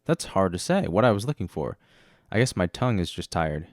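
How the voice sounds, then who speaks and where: Low-voiced male podcast host, joking and rambling, dry close sound. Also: sing-song, a little fast, no room sound. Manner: rambling, self-mocking, joking. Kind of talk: casual podcast chat. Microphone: close studio mic with headphone monitoring.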